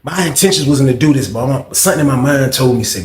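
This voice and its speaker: A man telling a profane personal story in an animated way, acting out the scenes. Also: mid-range voice, fast, hardly any pauses, slight background noise. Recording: roomy echo.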